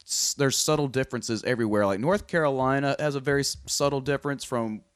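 A man co-hosts a podcast in a casual chat, easygoing and laughing often. His voice is mid-range and his pace is quick.

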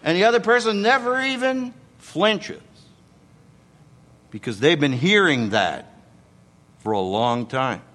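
A man's voice: a little high, big pitch swings, takes it slowly, long pauses, a bit bright, long reverb tail. An older man preaching a sermon, dramatically acting out the quotes in the story.

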